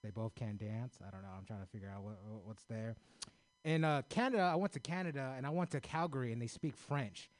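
A man's voice: medium pitch, expressive, quick pace, no room sound. Rambling American man doing open-mic stand-up. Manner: loose and rambling, self-deprecating, heavy swearing. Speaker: stand-up comedian. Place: small comedy open mic.

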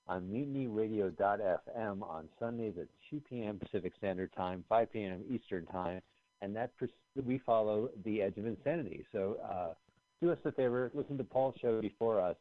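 A man with a fairly low voice hosts a casual podcast, joking and wandering through his plugs. His voice comes through a thin, phone-like line. The sound is dry and close, with no room around it. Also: no room sound. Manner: jokey, rambling plugs and announcements. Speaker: podcast host.

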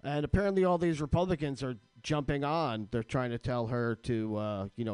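A man's voice: mid-range voice, steady tone, brisk, few pauses, a little mellow, smooth, dry recording. A man hosting a radio show, ranting with crude, sarcastic comedy in a studio.

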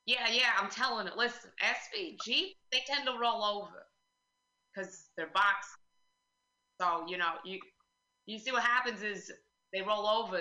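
A woman performing a stand-up comedy set, deadpan with chatty filler words. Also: medium pitch, a little slow. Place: club room with live audience. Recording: echoey room.

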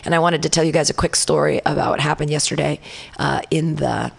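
A woman host telling an animated story on a radio talk show, acting out the quoted lines. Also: deep voice, fairly quick, gravelly, husky, faint music behind. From San Francisco. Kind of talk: casual storytelling chat.

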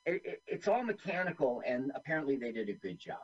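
A man chatting casually on a radio show while watching a movie, joking and tossing in quick silly voices. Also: medium pitch, breathy edge, muffled recording. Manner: animated, jokey, does quick silly voices. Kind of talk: casual movie commentary chat.

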